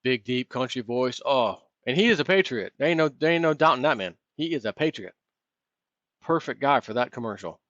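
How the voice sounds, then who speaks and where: A man's voice: medium pitch, lively intonation, brisk, a bit bright, no echo. A man hosting his own commentary vlog, ranting sarcastically about politics. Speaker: vlog host. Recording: dull, lo-fi, dry.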